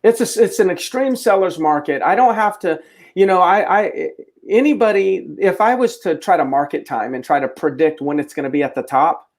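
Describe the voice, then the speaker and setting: A man's voice: sits high, normal speed. A man co-hosting a real estate show, giving his opinions in a casual way and often restarting his sentences. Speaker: realtor co-host. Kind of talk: casual market discussion.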